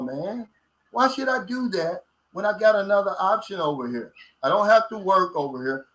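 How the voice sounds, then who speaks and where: A man's voice: high-pitched, pushed and bright, low-quality recording. A man in his late fifties with a Kentucky accent, chatting casually with viewers as a vlogger, folksy and blunt. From Kentucky, USA. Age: 50s. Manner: folksy and blunt, drawls out filler words. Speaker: vlogger reading viewer comments. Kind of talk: casual livestream chat.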